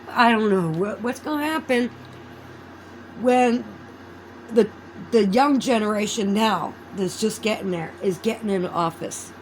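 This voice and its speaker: A woman's voice: on the high side, a little hiss or hum, low-quality recording. A woman vlogging in a casual, rambling chat. She swears freely and loses her train of thought.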